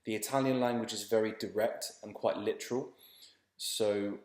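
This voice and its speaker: A man teaching beginners in a relaxed, chatty and reassuring way, often repeating his words. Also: fairly low pitch, normal speed, echoey room. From England. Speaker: language teacher. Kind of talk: casual spoken lesson.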